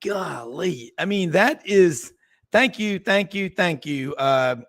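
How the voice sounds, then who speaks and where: A man hosting a sports radio talk show, folksy and excitable, exclaiming often in casual chat. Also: high voice, takes it slowly.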